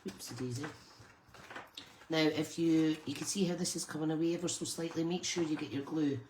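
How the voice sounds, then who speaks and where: A woman's voice: sits low, fairly even intonation, brisk, a little mellow, a little hiss or hum. A Scottish woman hosting a live crafting stream, chatting casually and greeting viewers by name as she works. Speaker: crafting channel host.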